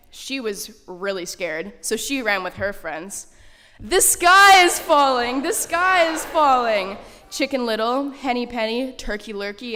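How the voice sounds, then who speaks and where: A woman reading a children's story aloud in a school chapel, animated and expressive. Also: mid-range voice. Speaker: story reader. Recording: reverberant chapel.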